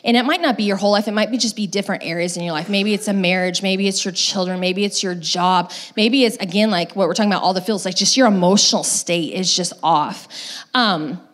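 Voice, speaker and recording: A young woman pastor giving a sermon in a relaxed, conversational way, as if retelling a story to friends. Her pitch sits mid-range for a woman, and she slips into lively acted quotes now and then. The tone stays informal, with plenty of "um" and "like.". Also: a little fast. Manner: casual storytelling with many fillers.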